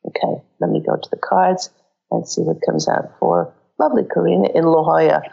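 Croaky woman giving psychic readings. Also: lowish voice, steady tone, brisk, muffled recording. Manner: earnest, repeats and restarts, guides listeners through exercises. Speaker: psychic reader on a call-in show. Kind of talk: radio call-in reading.

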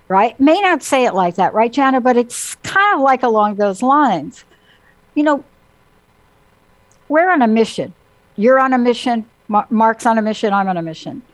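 A woman hosting a talk show, chatting casually and telling animated stories with acted-out quotes. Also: on the high side, moderate pace, dry recording, low-quality recording. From Italian heritage. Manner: animated storytelling, acting out quotes. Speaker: host. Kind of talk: casual chat.

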